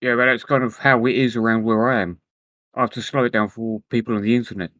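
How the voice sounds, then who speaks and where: Fast-talking tipsy man. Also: medium pitch, fairly even intonation, pushed and bright, no room sound. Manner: rapid, chatty, repeats "you know what I mean". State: drunk. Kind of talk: casual voice chat.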